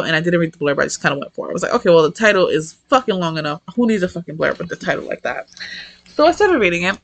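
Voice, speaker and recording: A young woman reviewing a manga in casual chat, excitable, swearing a lot and rambling off-topic. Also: on the low side, dry recording.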